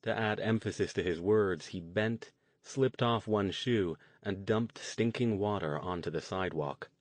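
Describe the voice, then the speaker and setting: A male audiobook narrator with a lowish voice and a measured, even delivery. The recording is close and dry, with no room sound. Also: no room sound. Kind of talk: scripted narration.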